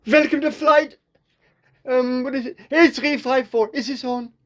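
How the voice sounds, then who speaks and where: A jittery first-time airline captain fumbles through his cabin announcement, as a man puts him on. The voice is pushed high and loud above his usual tone. He sounds flustered and unsure. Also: measured pace. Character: nervous novice male airline captain.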